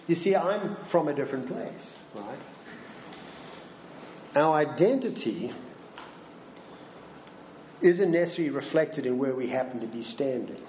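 A man preaching a sermon slowly and deliberately, posing rhetorical questions to his congregation. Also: medium pitch, lively intonation, roomy sound, highs cut off, a little hiss or hum. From Minnesota.

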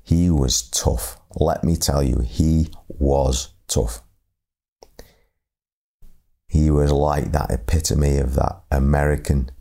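A middle-aged man telling a reflective story, halting and repeating words in a slow, measured way. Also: a bass voice, vocal fry, warm tone. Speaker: speaker sharing lessons on leadership.

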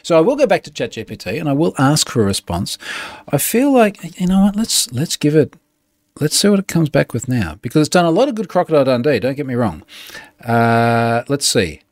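A man talks loosely through his weekly show, chuckling as he goes. His pitch rises and falls a lot, and the recording is dry with no room sound. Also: very animated, fairly quick, dry recording. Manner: chatty and amused, laughs often. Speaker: podcast host. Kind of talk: casual solo show talk.

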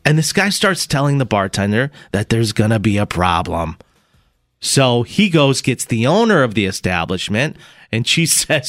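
A man hosting a morning radio show, telling a story in a casual, animated way and laughing as he goes. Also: mid-range voice, moderate pace, no room sound, studio quality.

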